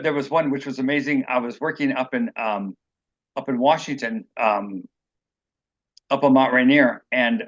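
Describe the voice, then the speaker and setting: A man of medium pitch, recorded with muffled sound, is interviewed as an author. He tells personal stories in a rambling, earnest way and acts out what people said.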